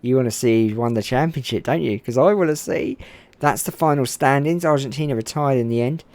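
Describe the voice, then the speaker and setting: Excitable man commentating a race. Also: brisk. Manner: excitable, voice climbing high at close moments. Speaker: game commentator.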